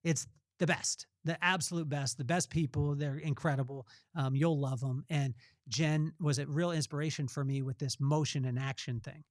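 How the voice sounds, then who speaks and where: A man's voice: on the high side, steady tone, normal speed, dry recording, studio quality. A man hosting a podcast, giving a faith-based motivational talk in a conversational way and repeating phrases for emphasis. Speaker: podcast host.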